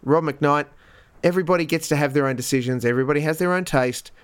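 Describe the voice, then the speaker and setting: A man co-hosting a podcast in casual chat, wry and quick with interjections. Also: a little high, clean tone. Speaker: podcast co-host.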